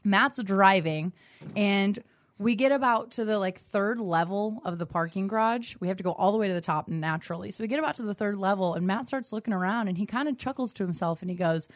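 A young woman telling a funny story in casual chat, animated and laughing, with lots of fillers. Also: mid-range voice, fairly quick, no room sound.

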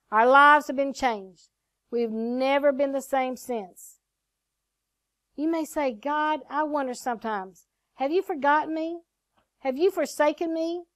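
Woman preacher, high voice, dry close sound, middle-aged, lively storytelling, acts out quotes. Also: no echo. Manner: animated storytelling, acting out quoted lines. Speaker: prophet and minister. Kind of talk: testimony and sermon.

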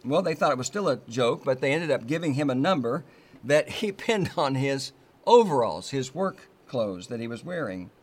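Male pastor from the United States, mid-pitched voice, delivers an earnest, measured sermon with deliberate emphasis. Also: sing-song.

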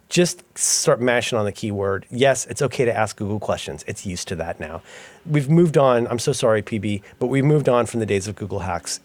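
A man's voice: mid-range voice, no echo. A man co-hosting a podcast in casual chat, rambling and cutting himself off as he tells stories. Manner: rambling, self-interrupting, animated storytelling. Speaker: podcast co-host.

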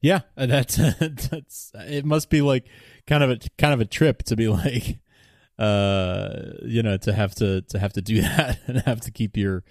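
A man's voice: on the low side, measured pace, a little mellow, no room sound, clean studio sound. A man co-hosting a podcast in a casual chat, often repeating words and restarting his sentences as he talks. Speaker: podcast co-host.

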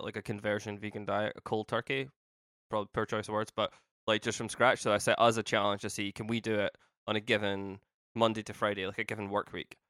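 Young man, lowish voice, dry sarcastic teasing, podcast chat, dead dry sound. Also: a bit bright, clean tone, no room sound. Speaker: podcast co-host and editor. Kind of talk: casual chat.

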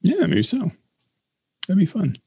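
A man co-hosting a casual chat, rambling and halting, laughing often and mimicking voices in his stories. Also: high-pitched, wildly swooping pitch, mellow, breathy edge, no room sound. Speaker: podcast co-host.

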